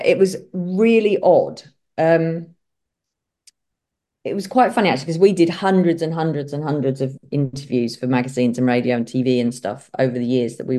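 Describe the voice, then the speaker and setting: Middle-aged woman, kent accent, low mellow voice, chatty storyteller. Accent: Kent English. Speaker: guest, vet. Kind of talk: casual interview chat.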